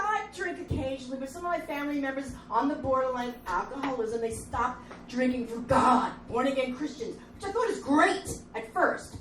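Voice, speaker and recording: A woman doing a loud, profane stand-up comedy set in a small club, bantering with the audience. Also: high-pitched, noisy background. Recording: echoey live club from a distant mic with crowd.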